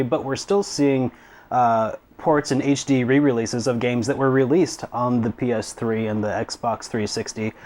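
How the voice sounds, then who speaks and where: A man co-hosting a casual gaming chat, explaining technical points in a measured way. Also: medium pitch, a little mellow. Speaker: co-host.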